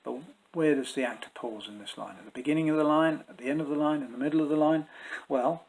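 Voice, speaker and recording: A man teaching Shakespeare's verse in a measured, explanatory way, pausing to think as he goes. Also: fairly high pitch, a little mellow, slight background noise, low-quality recording. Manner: measured and explanatory, with thoughtful pauses and fillers. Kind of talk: spoken lesson to camera.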